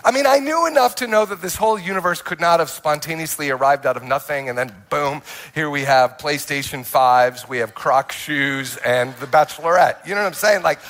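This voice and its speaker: Animated man preaching his testimony. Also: a little high, a little fast, hardly any pauses. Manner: animated storytelling with many restarts and quoted asides. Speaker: pastor. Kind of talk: sermon testimony.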